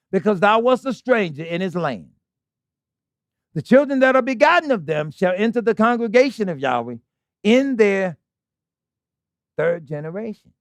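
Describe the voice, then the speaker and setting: Emphatic high-voiced male preacher, dry sound. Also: no echo. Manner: emphatic, conversational preaching with rhetorical questions. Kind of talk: fiery sermon. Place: assembly hall in Baltimore.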